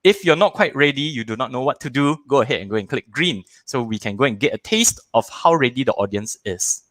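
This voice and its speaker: A man hosting a live online parenting workshop, running audience polls and joking with viewers in an animated, playful way. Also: mid-range voice, brisk, dry recording.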